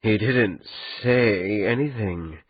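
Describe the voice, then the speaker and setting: A man voicing an amused, cruel male spirit held captive, speaking in a slow, calm, mocking drawl. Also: lowish voice, breathy edge, highs cut off.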